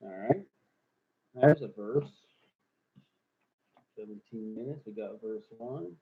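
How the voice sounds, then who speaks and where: A man writing rap lyrics aloud, rapping short lines and then muttering quietly to himself between them. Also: lowish voice, takes it slowly, a little hiss or hum. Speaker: rapper. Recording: tinny phone-like recording.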